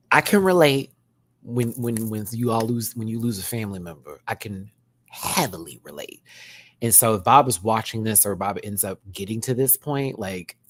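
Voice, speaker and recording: A man reviewing a reality show on a livestream, chatty and animated, swinging between loud bursts and hushed asides. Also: lowish voice, dry recording. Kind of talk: casual livestream commentary.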